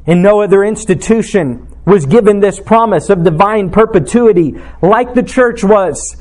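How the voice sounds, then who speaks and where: Preaching to his congregation in a church, a pastor with a notably high, slightly mellow voice speaks at normal speed. His sermon is earnest and emphatic, woven through with scripture quotations.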